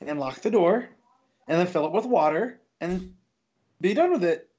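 A man's voice: sits high, expressive, normal speed, darkish tone. A man chatting on a comic book podcast, dropping wry, sarcastic quips. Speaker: podcast co-host. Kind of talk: casual comic book review chat. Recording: dull lo-fi audio.

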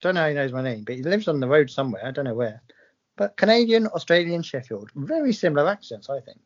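A man's voice: fairly high pitch, big pitch swings, fast talker. A man from England with a southern English accent, co-hosting a podcast in casual chat and playfully acting out the voices in his stories. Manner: playful storyteller, acts out voices in anecdotes. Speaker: podcast co-host. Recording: slightly dull lo-fi sound.

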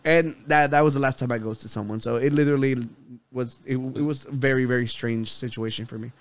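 A man's voice: mid-range voice, fairly even intonation, a little fast, dry recording. A man hosting a podcast, telling a story in casual chat, rambling and laughing often. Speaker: podcast host.

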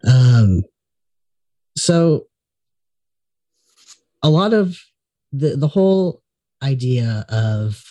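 Man, podcast host, warm tone, dry close sound, easygoing. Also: mid-range voice, dry recording. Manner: easygoing, hesitant fillers. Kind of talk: casual conversation.

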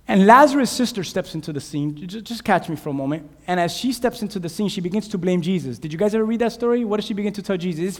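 A man preaching a sermon, animated, acting out shouted voices from Bible stories. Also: sits high, fast talker. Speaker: pastor. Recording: long hall reverb.

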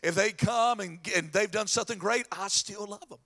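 Pastor preaching a lively sermon: a man with a very high, gravelly voice. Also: moderate pace. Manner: animated preaching with acted retellings.

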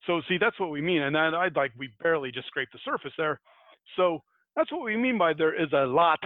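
A fairly high-pitched, animated American man hosts a podcast, speaking briskly as he casually rambles through a folktale and chuckles at himself. The sound is tinny and phone-like, dry with no room sound.

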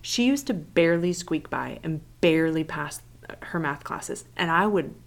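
A woman in her thirties co-hosting a podcast, telling stories in a chatty, animated way. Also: low voice, moderate pace, creaky. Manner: chatty, animated storytelling with laughs. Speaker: podcast co-host. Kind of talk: casual chat.

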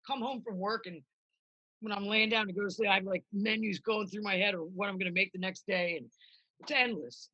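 A middle-aged woman chef on a video call, telling profane, animated kitchen stories and shouting out quoted lines. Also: medium pitch, brisk, lo-fi sound. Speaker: chef, interview guest. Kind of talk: casual interview chat.

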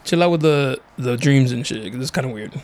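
A man's voice: mid-range voice, brisk, a little mellow. A young man co-hosting a podcast, casual and joking, laughing often and swearing freely. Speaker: podcast co-host. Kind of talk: casual chat.

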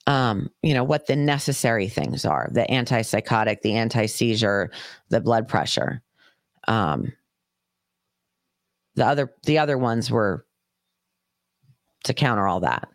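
A woman's voice: very deep voice, sing-song, unhurried, vocal fry, pauses often, no echo, studio quality. A woman podcast host telling a personal story in a casual, swearing, chatty way. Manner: profane, chatty, acts out quoted voices.

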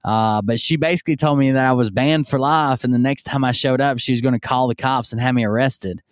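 Man, rambling storyteller, swears a lot, smooth voice, dry close sound. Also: medium pitch, steady tone, brisk, no room sound. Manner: rambling and profane, acts out yelled quotes. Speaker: streamer telling stories. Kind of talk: casual storytelling.

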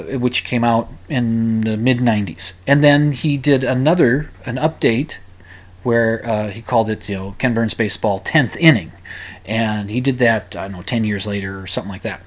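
A man hosting a solo podcast, rambling and ranting with frequent restarts, sighs and exasperated groans. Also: mid-range voice. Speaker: podcast host.

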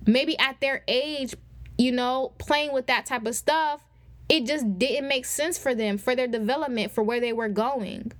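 A young woman talks her listeners through a faith lesson in a relaxed, conversational preaching style, often calling them "y'all." Her voice sits a little high. The recording is close and dry, with no room sound. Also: measured pace, no echo. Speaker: podcast host. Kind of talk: faith-based teaching talk.

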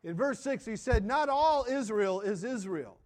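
A man preaching a sermon in a conversational way, asking questions and answering them himself, often trailing off quietly at the end of phrases. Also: high voice, lively intonation, measured pace. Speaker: pastor.

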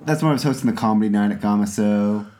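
A man's voice: on the low side, fast, background noise. A man who performs in drag, a guest in a casual chat, with a dry, campy delivery. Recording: roomy echo.

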